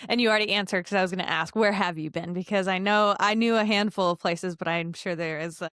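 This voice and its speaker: A woman's voice: mid-range voice, fairly bright tone, clean tone, no echo. A woman with a mid-range voice hosts a podcast and asks short, friendly questions in an easy, casual tone. The sound is dry and close to the mic. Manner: friendly, asks quick questions, laughs easily. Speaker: podcast host. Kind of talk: casual interview.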